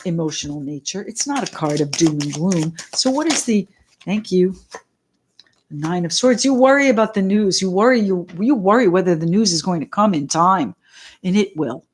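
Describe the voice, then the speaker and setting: A middle-aged woman leads a live tarot reading in an excited, chatty way. She talks straight to her viewers, greets them by name and goes off on tangents. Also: medium pitch, a little hiss or hum. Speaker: tarot reader.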